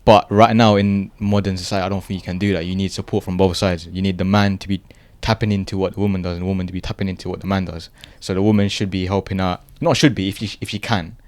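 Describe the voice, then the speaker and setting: A man with a very deep voice talks through his ideas in a relaxed podcast chat. He builds each point with drawn-out examples, and the sound is close and dry. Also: no room sound. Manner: explains through long worked examples. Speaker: podcast co-host. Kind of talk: casual discussion.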